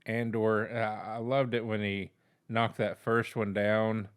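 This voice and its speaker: A man's voice: on the low side, little pitch movement, takes it slowly, clean tone. A man co-hosting a casual episode review, blunt and laid-back, swearing now and then. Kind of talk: casual chat.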